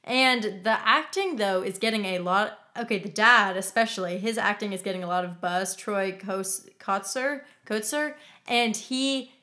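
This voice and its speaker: A woman's voice: medium pitch, normal speed, few pauses, sharp tone. A woman giving blunt, opinionated takes on a film in a casual panel chat. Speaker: film critic. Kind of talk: casual discussion.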